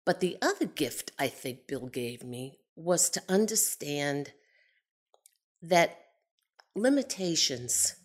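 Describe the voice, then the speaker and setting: Animated woman telling a personal story. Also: low-pitched. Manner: animated, expressive, swings from excited to hushed. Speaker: storyteller, aviation enthusiast.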